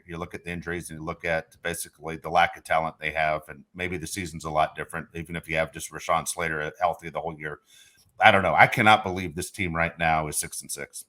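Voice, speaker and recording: A man's voice: low voice, bright, forceful tone. A man hosting a sports podcast, frustrated and emphatic in casual chat. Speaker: podcast host.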